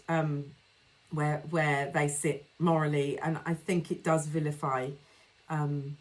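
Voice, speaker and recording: A woman co-hosting a podcast, chatting about a film with enthusiasm, frequent laughs and lots of ums and uhs. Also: low voice. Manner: enthusiastic, giggly, lots of fillers. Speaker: podcast co-host. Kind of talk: casual film discussion.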